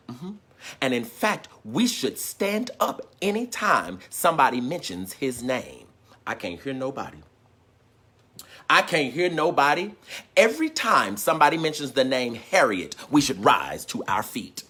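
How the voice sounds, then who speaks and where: Fiery husky-voiced man preaching. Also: mid-range voice, very animated, normal speed. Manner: call-and-response, repeated refrains, swings into shouting. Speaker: teacher and preacher. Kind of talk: impassioned sermon.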